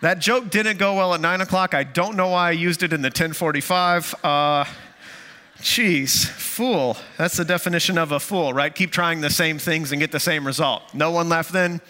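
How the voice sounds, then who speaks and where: A man's voice: fairly high pitch, moderate pace, pushed and bright, big-room sound. A man preaching a sermon to his church in a conversational way, with self-deprecating jokes and many fillers. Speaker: pastor.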